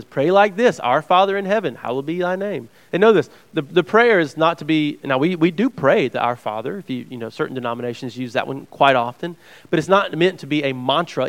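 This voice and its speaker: Man, slightly higher voice, conversational preacher teaching scripture, loose and talky. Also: a little fast. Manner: chatty, restarts phrases, checks in with "right?". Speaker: preacher teaching a Bible study. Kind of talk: conversational sermon.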